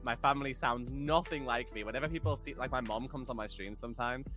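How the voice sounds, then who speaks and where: A man's voice: mid-range voice, fast talker, music in the background. A man from Yorkshire, a streamer, chatting candidly and mocking himself on a video-call panel. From Yorkshire, England. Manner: candid, self-mocking, animated. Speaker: streamer and podcast guest. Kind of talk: casual panel chat.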